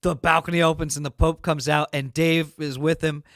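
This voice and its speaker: A man co-hosting a podcast, telling a long joke in an animated, playful way. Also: on the high side, a little fast, no echo, clean studio sound. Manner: animated storyteller who acts out the characters. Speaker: podcast co-host. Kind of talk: casual chat and joke telling.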